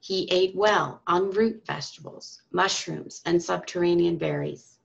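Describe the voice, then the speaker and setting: Gravelly-voiced woman reading a storybook. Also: lowish voice, measured pace. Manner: calm, expressive storytelling. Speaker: teacher reading aloud. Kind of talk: storybook read-aloud. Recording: dull lo-fi recording.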